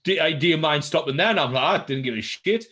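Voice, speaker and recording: A man's voice: fairly high pitch, expressive, quick pace, sharp tone. A man, co-hosting a casual chat over drinks and telling laid-back, sweary anecdotes. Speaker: co-host.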